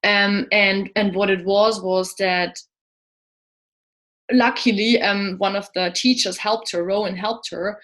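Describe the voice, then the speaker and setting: A woman's voice: medium pitch, steady tone, takes it slowly, a bit bright. A woman hosting a casual interview, effusive and open as she shares a personal experience. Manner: effusive, emotional sharing.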